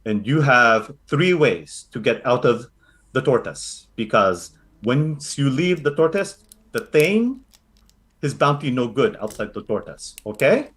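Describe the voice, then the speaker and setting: Sing-song and a bit bright, this man's medium-pitched voice moves at a measured pace as he acts out a grandmotherly Filipino sorceress for a tabletop game. He fakes a Filipino English accent, breaks up his English, and keeps calling people honey.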